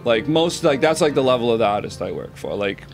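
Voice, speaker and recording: A man in his thirties talks as a guest on a casual podcast. He rambles in a laid-back way, swears freely and pokes fun at himself. His voice sits at an ordinary middle pitch. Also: sing-song, fast talker, over music. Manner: laid-back, profane, self-deprecating, rambling. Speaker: podcast guest, touring roadie and musician. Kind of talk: casual interview chat.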